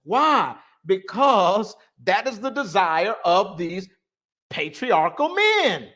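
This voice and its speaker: A man hosting a live online talk, preaching in a repetitive cadence, leaning hard on key words and letting phrase ends trail off softly. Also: sits high, sing-song, takes it slowly. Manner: preaching cadence, stressing words, repeating lines. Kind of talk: live-stream monologue on religion.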